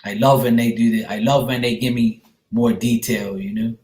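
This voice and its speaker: A man talks casually and reassuringly, giving a medium's reading to a viewer and calling her sweetheart. His voice sits at an ordinary pitch for a man. The room around him is echoey. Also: fairly even intonation, normal speed, a little mellow. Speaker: psychic medium.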